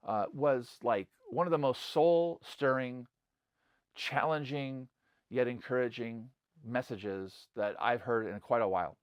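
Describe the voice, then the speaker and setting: A man's voice: mid-range voice, dry recording, clean studio sound. A middle-aged man, a pastor, talking casually to camera in a loose, conversational way full of "like" and "you know," earnest about passion and conviction. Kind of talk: casual spoken reflection to camera.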